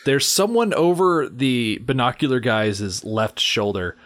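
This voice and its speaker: A man's voice: medium pitch, animated, unhurried, fairly bright tone. A man co-hosting a casual movie podcast, explaining background at length and acting out scenes. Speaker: podcast co-host.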